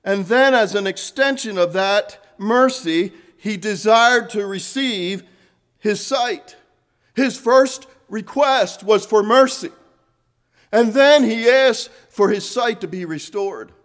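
A man preaching a sermon, earnest, rising to fervent emphasis and then dropping soft. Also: sits high, slow pace.

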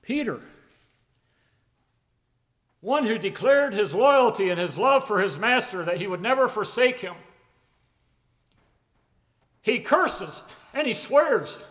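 A man preaching a sermon in an emphatic, repetitive cadence that swings from loud declarations to hushed tones. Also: high voice, lively intonation, slow pace, long pauses, in a large hall.

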